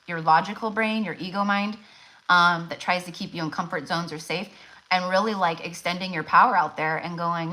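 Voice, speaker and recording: On a rough recording, a woman with a fairly low pitch and sharp tone gives casual live tarot readings. She is chatty and loose, full of fillers and restarts, and laughs often.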